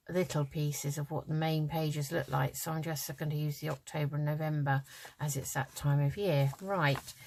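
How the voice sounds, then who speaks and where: A low-voiced older woman from the UK chats casually as she works on a collage at her craft table. She rambles along with plenty of ums and sounds a little tired. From United Kingdom. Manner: chatty and rambling, with many ums. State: yawning, tired. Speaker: craft vlogger. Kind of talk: casual chat while crafting.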